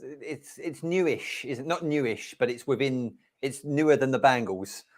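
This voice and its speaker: A man chatting casually as a podcast guest, playful and quick to laugh, making puns over a remote call. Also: mid-range voice. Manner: playful, punning, laughs often. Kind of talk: casual chat.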